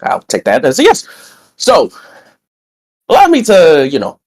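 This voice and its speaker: A young man cuts a brash wrestling promo, stretching out his greetings and boasting loudly. He is getting over a bout of sickness. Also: a little high, wildly swooping pitch, unhurried. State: recovering from being sick. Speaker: wrestling roleplayer cutting a promo.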